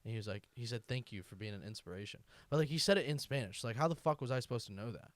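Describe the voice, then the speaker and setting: A man's voice: mid-range voice, expressive, racing, dry recording. A man hosting a comedy podcast, bantering in a laid-back, profane way. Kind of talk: casual podcast chat.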